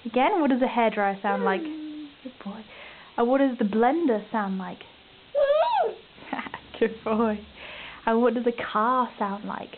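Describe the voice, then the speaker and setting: A woman's voice: a little high, slow pace, long pauses. A woman filming her toddler at home, coaxing him in a sing-song voice and praising him over and over. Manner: sing-song, praising, doting baby talk. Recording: tinny lo-fi home video with faint hiss.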